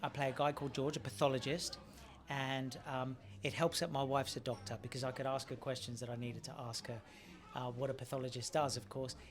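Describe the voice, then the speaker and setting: A man's voice: mid-range voice, flat delivery, brisk. A man with an Australian accent answering questions as an actor in a casual press interview, chatty and friendly, often restarting his phrases.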